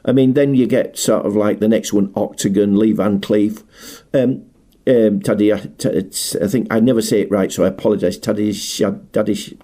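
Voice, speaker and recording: Mellow and on the low side, this middle-aged man's voice holds a steady tone at a moderate pace. He's a martial arts film specialist delivering a tribute as a casual, chatty, enthusiastic monologue that tends to ramble.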